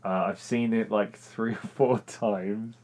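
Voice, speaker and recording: A man with a fairly low voice chats casually about films. He talks hesitantly, restarting and trailing off as he goes. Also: steady tone, slow pace, a little mellow.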